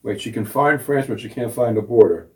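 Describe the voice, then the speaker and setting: A man's voice: mid-range voice, fairly quick, a little mellow. A man hosting a talk show, delivering scoffing, sarcastic political banter and laughing at his own jokes. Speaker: show host. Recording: voice distant from the mic.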